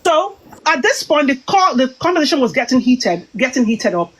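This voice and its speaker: A British woman with a fairly high voice tells a long story of a falling-out in a casual, spoken way. She acts out what people said, restarts her sentences often and keeps the account moving. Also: normal speed, a little hiss or hum, low-quality recording. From Britain. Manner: animated storytelling, quoting herself and others, frequent restarts. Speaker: guest recounting a dispute.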